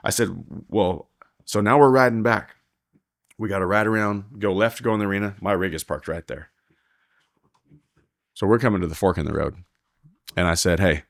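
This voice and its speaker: This podcast guest, a team roper, tells an animated story in casual conversation, voicing the people he quotes and cursing without restraint. His lowish voice moves a little fast with frequent pauses, recorded at studio quality with no room sound.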